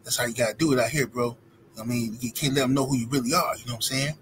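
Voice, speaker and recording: A man voicing a smooth, deep-voiced con man who talks low and boastful. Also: steady tone, fast, fairly bright tone, slight background noise, lightly acted, rough recording. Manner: low, laid-back, boastful.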